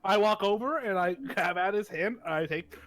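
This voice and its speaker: A man's voice: high-pitched, normal speed, a bit bright. A man playing a tabletop game, insistently arguing his point and describing his moves. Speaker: player. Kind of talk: casual tabletop play.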